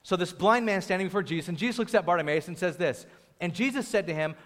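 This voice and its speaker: Young guy preaching, pretty high voice, gets loud and acts out the crowd. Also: quick pace. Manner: animated, acts out crowd voices, shouts for emphasis. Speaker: pastor. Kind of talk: sermon.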